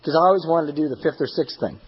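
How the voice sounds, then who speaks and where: A man's voice: fairly high pitch, fast talker, breathy edge, lo-fi sound. A young man speaking candidly and with self-deprecating humor as the speaker at a recovery meeting. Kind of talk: personal recovery talk. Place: meeting hall.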